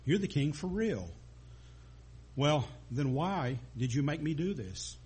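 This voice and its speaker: A man voicing an astonished poor young man who stammers, with a slightly husky voice. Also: on the high side, lively intonation, slow pace, a little mellow, full character voice.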